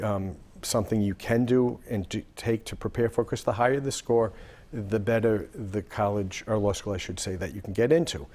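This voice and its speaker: A man in his sixties from Rhode Island, a lawyer telling long, relaxed stories with fillers in an interview. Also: lowish voice. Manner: relaxed anecdotal talk with fillers. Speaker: lawyer and guest. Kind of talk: storytelling interview answers.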